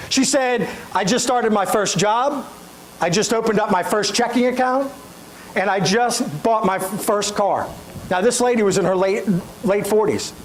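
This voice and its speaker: A man's voice: high voice, slight background noise, low-quality recording. A middle-aged man, giving a storytelling motivational keynote and speaking straight to the audience. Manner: animated, addresses audience directly.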